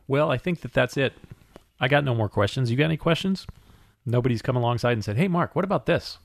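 A man's voice: medium pitch, animated, quick pace, gravelly, no echo. A man co-hosting a casual chat, trading dry, teasing banter. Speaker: co-host.

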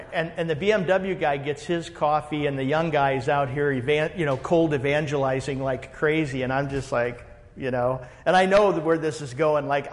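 A man, a pastor, telling a story in casual group talk, rambling and animated with lots of "you know". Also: a little high, in a large hall. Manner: animated, rambling, many fillers.

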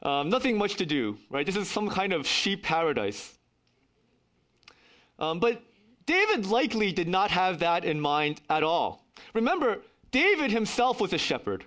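Male pastor, middle-aged, high and animated voice, earnest sermon delivery with dry humor. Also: normal speed. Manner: earnest, emphatic preaching with wry asides.

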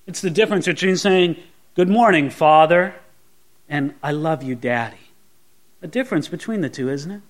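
A man preaching a sermon in an earnest way, rising to loud exclamations and dropping to soft, tender asides. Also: fairly high pitch. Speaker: pastor.

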